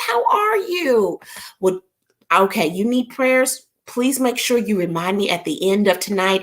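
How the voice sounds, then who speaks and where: A middle-aged woman hosting a casual live stream, playful and chatty, greeting her viewers by name. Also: mid-range voice. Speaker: livestream host. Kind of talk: casual livestream chat.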